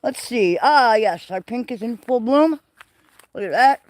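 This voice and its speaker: Chatty high-voiced man touring his garden. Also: measured pace, dry recording. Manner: excitable, chatty and rambling. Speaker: livestream host. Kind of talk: casual walking garden tour. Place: greenhouse and garden, partly outdoors.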